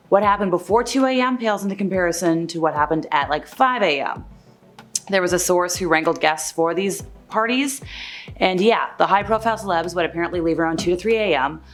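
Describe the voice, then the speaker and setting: Chatty woman dishing celebrity gossip. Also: on the low side. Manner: chatty, conversational, paraphrases others with "like". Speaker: entertainment news host. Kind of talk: casual celebrity gossip commentary.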